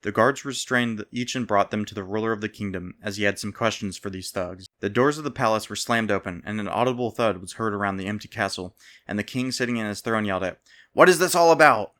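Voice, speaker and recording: Male storybook narrator, low-pitched, forceful and steady. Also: fast talker.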